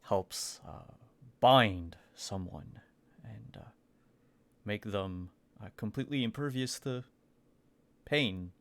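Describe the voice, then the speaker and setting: A man roleplaying his character at a tabletop game, speaking hesitantly with many pauses. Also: lowish voice, vocal fry.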